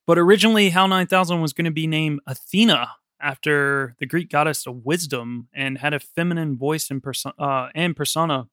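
Man host, casual film chat, higher voice, dry close sound, laughs a lot. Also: a little fast, few pauses, fairly bright tone, no echo. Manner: chatty, laughs often, swears casually. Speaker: podcast host.

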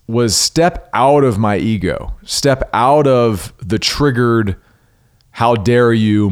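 A man hosting a solo business podcast, talking earnestly and emphatically, with restarts and side remarks. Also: fairly low pitch. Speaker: podcast host.

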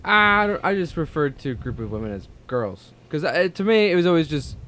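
A man's voice: on the high side, sing-song, brisk, fairly bright tone, a little hiss or hum. A man chatting casually as a podcast guest, curious and easygoing, a little hesitant. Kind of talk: casual chat.

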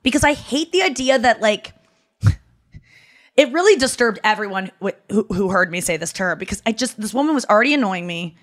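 A woman hosting a podcast, telling a story in a chatty, animated way, full of "like" fillers and wry self-mockery. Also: fairly high pitch, normal speed. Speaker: podcast host. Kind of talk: casual comedic storytelling.

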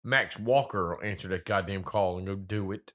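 A man's voice: sits low, normal speed, a bit bright. A man co-hosting a casual movie-review chat, riffing sarcastically and swearing freely. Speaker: podcast co-host.

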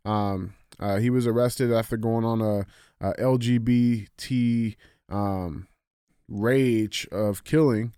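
A man's voice: on the low side, steady tone, slow, warm tone, smooth, no room sound, studio quality. A man co-hosting a podcast in casual chat, hesitant and full of fillers and restarts. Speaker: podcast co-host.

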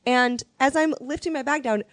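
Tired, animated woman telling stories. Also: high-pitched, normal speed, no echo. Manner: animated storyteller, tired and grumpy. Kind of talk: casual chat.

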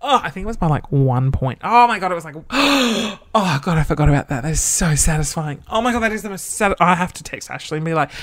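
A young Australian man telling a school story in a casual, animated way, swearing freely and gasping as he sorts through old school papers. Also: a little high, fast, few pauses. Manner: animated, gossipy, swears freely, breaks into gasps. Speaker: vlogger.

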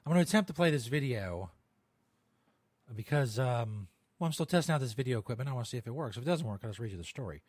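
A man's voice: mid-range voice, lively intonation, quick pace, no echo. A man hosting a podcast, chatting casually as he reads odd news stories, laughing often, swearing and trailing off into rambling asides. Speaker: podcast host.

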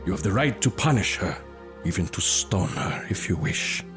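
A man voicing a stern, righteous middle-aged father who accuses his daughter, over soft music. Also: low-pitched, animated, moderate pace, pitched below the performer's own voice. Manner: shouting, accusing.

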